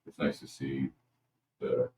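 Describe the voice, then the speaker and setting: A man in a band, telling emphatic stories in a casual interview. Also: takes it slowly. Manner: lively, emphatic storyteller. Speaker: band member. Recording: echoey room, distant mic, faint noise.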